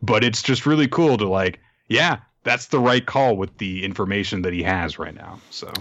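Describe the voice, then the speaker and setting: A man with a very low, deep voice recaps a story in loose, casual chat, laughing and swearing now and then. The recording is dull and lo-fi, with a dry, close sound. He talks like a host chatting with a friend. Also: normal speed, a bit bright, no echo. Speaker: podcast host recapping a manga.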